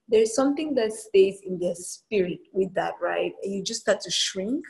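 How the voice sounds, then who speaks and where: A woman hosting a podcast who asks probing, engaged questions. She talks quickly, in a casual way, with a mid-range voice. Her background is in law. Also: mid-range voice, expressive, vocal fry. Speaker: podcast host, former lawyer. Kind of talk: conversational interview.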